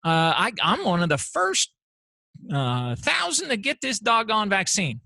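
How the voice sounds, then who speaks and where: A giddy grown man squeals and stammers with excitement, his voice jumping high and tight with a gravelly catch, as a man mocks him. The sound is close and dry. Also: measured pace, no echo, heavily acted. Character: giddy adult man thrilled over vaccine.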